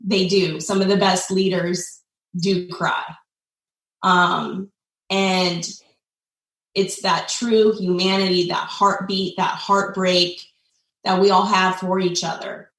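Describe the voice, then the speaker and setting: A woman in her forties from the United States, telling a personal story as a guest in an earnest, heartfelt way, pausing often with fillers. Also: on the low side, flat delivery, fairly bright tone. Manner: heartfelt, with frequent pauses and fillers. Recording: echoey room, distant mic.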